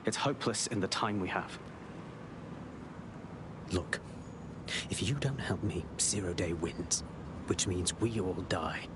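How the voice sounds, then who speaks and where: Low-voiced male spy handler, measured and clipped, game audio with noise. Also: lively intonation. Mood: grave. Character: calm male spy handler, grave and secretive. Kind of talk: video game voice acting.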